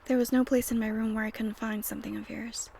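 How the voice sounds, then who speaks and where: A woman voicing a cool, aloof young woman calmly confronting the listener in a soft whispered role-play. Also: a little high, fast talker, vocal fry. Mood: calm, reflective. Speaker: ASMR role-play performer. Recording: faint noise with rain sounds.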